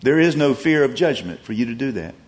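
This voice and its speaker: A man preaching a sermon, telling stories and swinging from emphatic peaks down to soft, low passages. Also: animated, brisk, big-room sound. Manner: storytelling, rising to emphatic peaks then dropping soft and low. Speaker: pastor.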